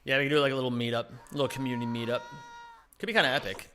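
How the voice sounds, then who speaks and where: A man's voice: medium pitch, steady tone, rapid-fire, bright, forceful tone. Male streamer, joking casual chat, rambling, swears playfully, noticeable background noise. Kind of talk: casual live-stream chat while speedrunning. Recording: noisy stream audio.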